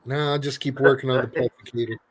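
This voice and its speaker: A man's voice: mid-range voice, little pitch movement, fast talker, husky. A man hosting a casual live stream chat, laid-back and laughing often, sounding tired. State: tired, yawning. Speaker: livestream host.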